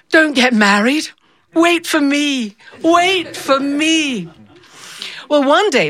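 A woman from the north of England telling a personal story in an animated, theatrical way. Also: mid-range voice, dry recording. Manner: animated, theatrical, with playful voices.

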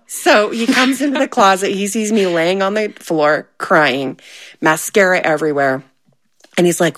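A woman in her forties telling a personal story in casual conversation, animated and laughing often. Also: fairly low pitch, normal speed. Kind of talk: casual chat.

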